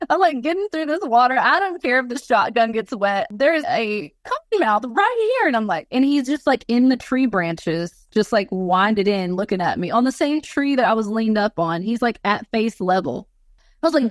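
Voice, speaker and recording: A woman guest in an interview, telling stories in a rambling, animated way with lots of filler words. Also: fairly high pitch, moderate pace, no echo. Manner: animated, rambling storyteller with many fillers and laughs. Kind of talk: casual storytelling interview.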